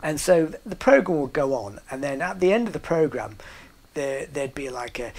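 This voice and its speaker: This middle-aged man from the north of England has a fairly high, sing-song voice that's creaky and husky, delivered at normal speed. He tells a casual anecdote in a loose, rambling way, hesitating, restarting, using lots of fillers and laughing along with his own tale.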